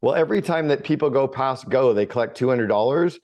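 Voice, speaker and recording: This business coach and author, a middle-aged man, speaks at a medium pitch, fairly quickly, with a slightly mellow tone. He's blunt and tells stories in a relaxed podcast conversation, dropping an occasional swear word.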